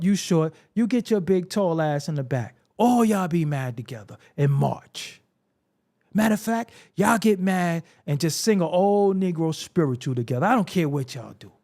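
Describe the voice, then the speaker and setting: Blunt, high-voiced man ranting to camera. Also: expressive, normal speed, darkish tone. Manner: blunt, confrontational, profane; repetitive, preaching. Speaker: hip-hop commentary host. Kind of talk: solo commentary rant.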